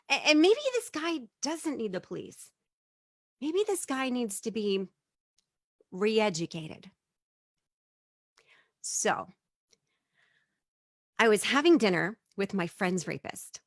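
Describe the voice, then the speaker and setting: Animated woman telling a stand-up story. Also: slow, pauses often, no room sound, clean studio sound. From immigrant living in Japan. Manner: animated, acts out quotes with big pitch jumps.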